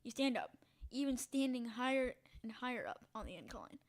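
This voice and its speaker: With an expressive, brisk voice on the high side, a woman streaming a text game performs its story dramatically, stopping for short spoken asides and at times lowering to a whisper.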